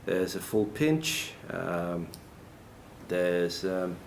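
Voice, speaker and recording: At a conference, a man gives a chatty live tech demo in a noisy, echoey room, speaking very slowly in a low, creaky, expressive voice. He jokes, laughs a lot and fills pauses with ums.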